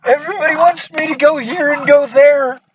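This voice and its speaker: A man's voice: extremely high pitch, fairly quick, a little hiss or hum. A man on a phone call, distressed and pleading, bitter and near tears.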